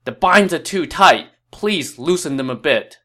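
A man's voice: mid-range voice, moderate pace, a bit bright, lightly acted. Narrator guy doing a captured warlord begging, aggrieved, audio story. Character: Lu Bu, fallen male warlord, captured and pleading.

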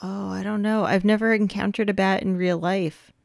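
A woman's voice: mid-range voice, steady tone, moderate pace, gravelly. A woman co-hosting a casual podcast chat about a movie, wry and skeptical with dry quips. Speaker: podcast co-host.

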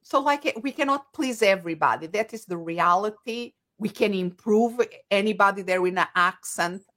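A woman, an English speaker, talking as an interview guest and often pausing to search for words. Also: mid-range voice, fairly bright tone. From Portugal. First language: Portuguese. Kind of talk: conversational interview.

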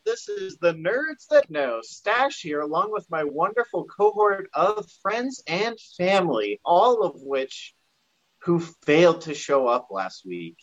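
Male podcast host, jokey and theatrical, slow delivery, slightly raised pitch. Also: very animated, no room sound, lo-fi sound, soft background music. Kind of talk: casual podcast banter.

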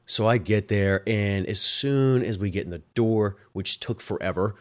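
A man's voice: lowish voice, normal speed. A man hosting his own show, a home health nurse telling a work story in a casual, exasperated way, often swearing.

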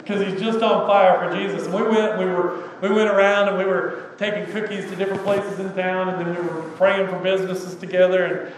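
A man's voice: high voice, little pitch movement, fairly quick. A middle-aged man preaching a sermon as pastor, conversational, with frequent rhetorical asides. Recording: echoey hall, distant mic, faint noise.

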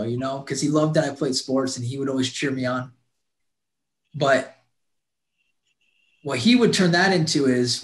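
A man's voice: mid-range voice, normal speed, pauses often, a bit bright. A man guest earnestly telling a heartfelt personal story, often restarting his sentences. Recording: roomy echo.

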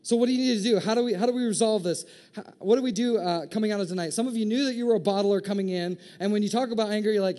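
This pastor's sermon is playful and animated, peppered with quick imitations of his congregants. His already high-pitched male voice rises higher whenever excitement takes over.

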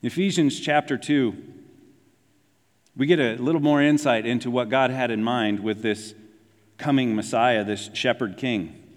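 A man preaching a sermon in a conversational, animated way, dropping his voice low to stress key points. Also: a little slow, big-room sound. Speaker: pastor.

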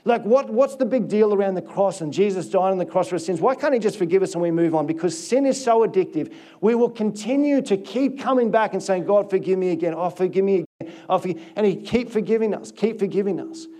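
High-voiced pastor preaching. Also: male voice, a little fast. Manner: confessional, animated storytelling with many restarts. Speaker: guest pastor. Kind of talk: sermon.

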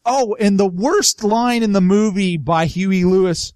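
Male podcast host, enthusiastic, high voice, dry sound. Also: a little slow, darkish tone, dry recording. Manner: enthusiastic, laughs often, acts out lines. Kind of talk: casual movie chat.

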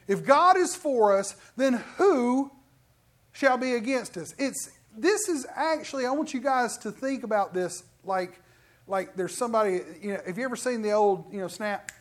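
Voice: medium pitch, normal speed. A middle-aged preacher giving an emphatic sermon with lots of restarts. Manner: animated, emphatic, with many restarts.

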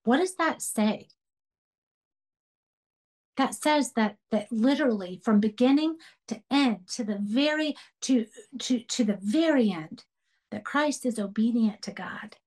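A woman's voice: mid-range voice, darkish tone, low-quality recording. A woman leading a Bible study for a women's group, earnest and emphatic, repeating key phrases as she teaches. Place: church radio program.

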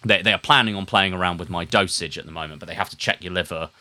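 Bright-voiced posh English man, rambling. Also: low voice. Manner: rambling, halting, laughs often. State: woozy after a blood test. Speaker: podcast co-host. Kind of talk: casual chat.

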